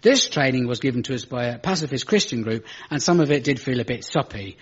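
A man's voice: expressive, fast talker, breathy edge, highs cut off. A British man doing stand-up comedy on a radio show, dry and self-mocking, taking questions from a studio audience. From Britain. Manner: dry, self-mocking, rises to exasperated high pitch.

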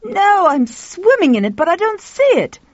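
A woman voicing a high-strung, frustrated middle-aged man in a storybook reading. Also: sing-song, moderate pace, no room sound. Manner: exasperated outbursts. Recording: dull lo-fi.

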